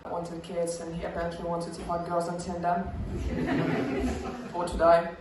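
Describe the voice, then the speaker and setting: A woman's voice: on the low side, monotone, unhurried, very echoey, recorded from a distance, very noisy. Russian-born woman with a British accent. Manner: chatty, self-mocking, hesitant fillers. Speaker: stand-up comedian. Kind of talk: stand-up comedy set.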